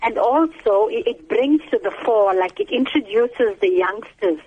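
A woman calling in to a radio show, a parent who talks in a polite, earnest and measured way. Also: fairly high pitch, animated, husky. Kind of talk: phone-in call. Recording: tinny phone line.

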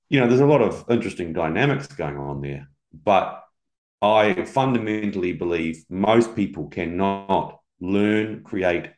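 A business coach with a very low voice talks through a casual podcast chat. He tells stories and acts out both sides of his conversations with clients. The sound is roomy, with a noticeable echo. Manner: animated storyteller who acts out client dialogues.

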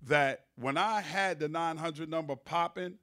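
A man hosting a podcast, telling studio stories in a loose, animated, profane way. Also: a little high, measured pace. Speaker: podcast host. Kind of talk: casual storytelling chat.

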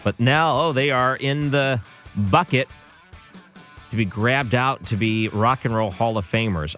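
A man's voice: medium pitch, moderate pace, a bit bright. A man hosting a show, giving casual music commentary with a sarcastic, exasperated manner. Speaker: radio or podcast host.

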